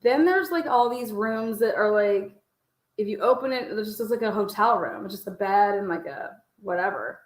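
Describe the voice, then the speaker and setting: A woman telling a story casually in an interview, blunt and animated, swearing freely. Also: medium pitch, moderate pace, reverberant.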